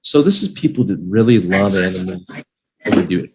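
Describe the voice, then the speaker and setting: A man teaching English vocabulary in a live online lesson, drilling each word slowly and cheering learners on playfully. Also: sits low, lively intonation, background noise.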